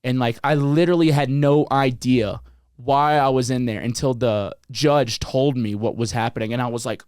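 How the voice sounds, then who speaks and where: A man's voice: medium pitch, steady tone, normal speed, darkish tone, smooth, dry recording, studio quality. A young man, a podcast guest, telling a story in loose, slangy casual talk full of "dude" and "like".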